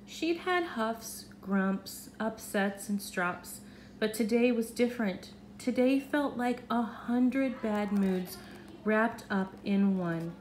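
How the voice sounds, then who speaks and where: A woman reading a children's storybook aloud in an expressive, animated way. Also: fairly high pitch, takes it slowly, slight background noise.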